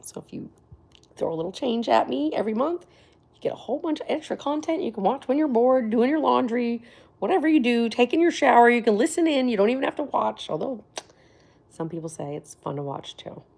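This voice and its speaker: A woman's voice: fairly high pitch, expressive, fairly quick, gravelly, darkish tone. A woman chatting casually with viewers on her livestream, laughing often and sometimes dropping to near whispers. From Florida. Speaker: livestream host.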